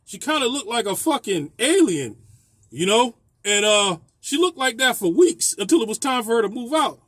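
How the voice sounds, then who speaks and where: A man's voice: very high-pitched, very animated, moderate pace, a bit bright, no room sound. A man, a landlord, telling a rambling, profane story about a tenant in a casual vlog, laughing often.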